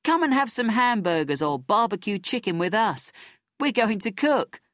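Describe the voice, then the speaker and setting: A woman's voice: mid-range voice, big pitch swings, normal speed, fairly bright tone, no room sound, studio quality, voice pushed up. A woman doing cocky teasing teenage boys. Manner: teasing, boastful.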